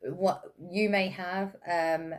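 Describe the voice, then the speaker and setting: Low-voiced English woman giving a tarot reading. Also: takes it slowly. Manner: relaxed and chatty, many fillers, laughs often. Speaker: tarot reader. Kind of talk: casual intuitive reading.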